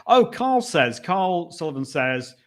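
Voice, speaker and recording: Hosting a live stream, a man with a higher, sing-song voice speaks unhurriedly. He's chatty with his guest, often restarting, and reads viewer comments aloud.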